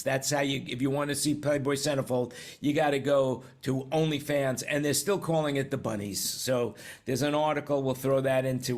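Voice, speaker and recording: An older man from New York hosting a casual panel chat on current events over a video call, rambling and chatty with many restarts. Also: medium pitch. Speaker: host.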